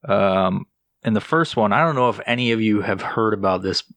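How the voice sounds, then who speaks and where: A man's voice: fairly low pitch, brisk, a bit bright, dry recording. A young man hosting a podcast in casual chat, rambling and swearing often, with lots of fillers. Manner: profane, rambling, filler-heavy. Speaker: podcast host.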